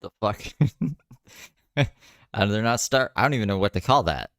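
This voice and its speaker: A man's voice: on the low side, expressive, normal speed, fairly bright tone, no echo, clean studio sound. A man streaming casual reaction commentary, skeptical and sarcastic, swearing freely.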